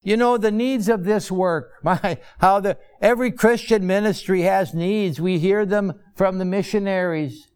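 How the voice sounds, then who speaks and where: Slow, smooth-voiced male preacher. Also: high-pitched, darkish tone. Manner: slow, measured preaching with repeated phrases. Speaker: pastor. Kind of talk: sermon.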